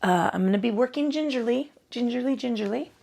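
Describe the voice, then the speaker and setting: Somewhat quick and fairly high-pitched, her voice is creaky yet mellow. As a yoga teacher she walks the class through poses with chatty, self-mocking remarks and casual profanity, audibly breathing heavily.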